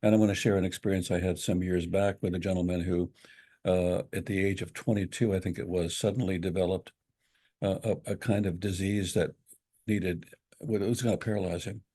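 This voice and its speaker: A man with a low, dark and husky voice speaks in a reflective spiritual talk. He tells his story in a measured way, restarting phrases often as he goes. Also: level tone.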